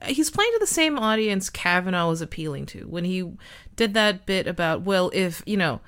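A woman's voice: lowish voice, very animated, normal speed, fairly bright tone, clean tone. A woman in casual political chat, thinking aloud with restarts, wry and swearing casually.

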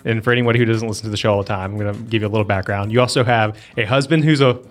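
A man hosting an education podcast, reading a scripted intro and then chatting in a teasing, halting way with his co-host. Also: fairly low pitch, steady tone, faint music behind.

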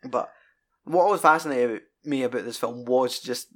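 A man's voice: medium pitch, a little fast. A man with a Scottish accent chatting casually about films, rambling and swearing often. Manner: sweary, rambling and animated retelling. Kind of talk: casual film chat.

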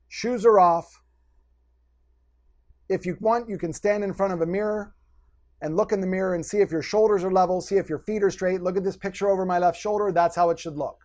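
A man coaching a podcast host through posture fixes, giving energetic step-by-step instructions. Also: high-pitched.

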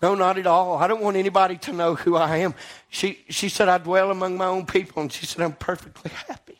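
A man preaching a sermon, impassioned and swinging between loud exclamations and quiet asides. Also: sits high, steady tone, brisk.

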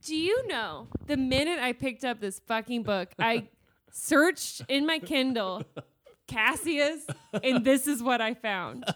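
Woman from kansas as podcast co-host, a bit high-pitched, slow, loose and swearing, laughs a lot. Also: lively intonation. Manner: profane, giggly and gushing. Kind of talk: casual book discussion.

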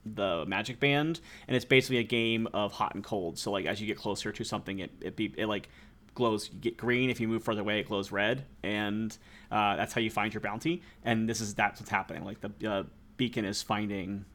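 A man's voice: fairly low pitch, fairly even intonation, brisk, a bit bright. Rambling male game master. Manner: rambling, laughs often. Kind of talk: narrating a tabletop game.

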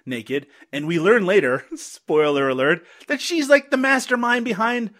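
A man's voice: sits high, expressive, normal speed, a bit bright. A man hosting a casual movie podcast, wry and sarcastic, swearing freely. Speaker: podcast host. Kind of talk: casual chat.

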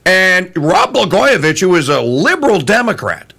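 A man hosting an interview who tells stories in an animated, emphatic way. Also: high-pitched, normal speed, gravelly, husky. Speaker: host. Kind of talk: conversational interview.

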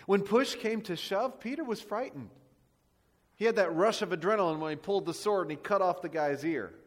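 Booming preacher man in a reverberant hall. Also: a little fast. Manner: booming preacher voice, swings between loud and quiet. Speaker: pastor. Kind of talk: sermon. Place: church sanctuary.

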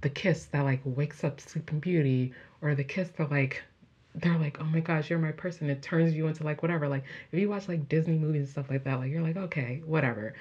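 A young woman chatting casually as she recaps a show, gushing and animated, with many fillers. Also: sits low, fairly quick, slightly rough, lo-fi sound. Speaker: show reviewer.

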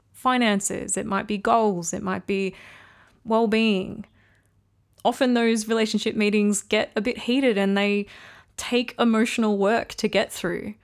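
A woman hosting a solo podcast, talking candidly and reflectively about her relationship, with frequent ums. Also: medium pitch. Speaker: podcast host. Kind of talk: casual solo podcast talk.

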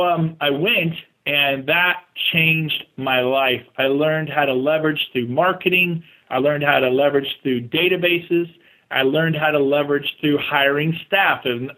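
A man with a somewhat high voice tells his story in a casual interview as a real estate agent guest. He is animated and self-deprecating. He jumps into other people's voices when he quotes them. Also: rough recording. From California.

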